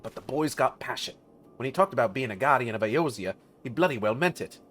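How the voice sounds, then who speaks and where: A man putting on a gruff mercenary. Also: medium pitch, animated, a little fast, a bit bright, soft background music, lightly acted. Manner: rough, blunt, folksy slang. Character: gruff veteran male mercenary officer.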